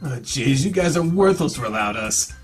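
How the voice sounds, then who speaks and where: A man's voice: medium pitch, lively intonation, normal speed, husky, faint music behind. A man voicing a cocky, showy young male classmate who talks dramatically. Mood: smug.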